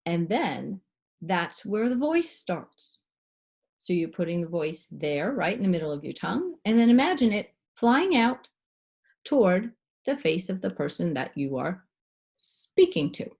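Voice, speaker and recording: A middle-aged woman voice coach giving a clear, demonstrative lesson, shifting her pitch and loudness to show techniques. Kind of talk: instructional talk to camera.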